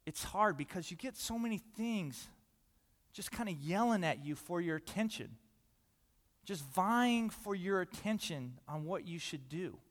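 A man with a high voice preaches to a congregation in a casual, conversational way. He swings from loud and urgent to a soft hush. His voice rings with the long reverb of a big hall. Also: expressive, unhurried. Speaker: pastor. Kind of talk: sermon.

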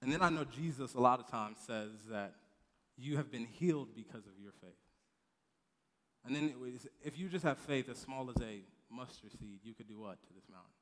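A man delivers a relaxed, conversational sermon to a youth group, repeating and restarting words as he goes. He acts out quotes and asides in lively little voices. His voice carries a long hall reverb. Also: medium pitch, normal speed. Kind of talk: casual sermon.

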